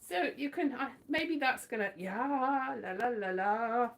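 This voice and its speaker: A woman's voice: fairly high pitch, expressive, measured pace. A woman hosting a casual livestream, chatting in a playful, rambling way with sing-song bursts. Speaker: livestream host.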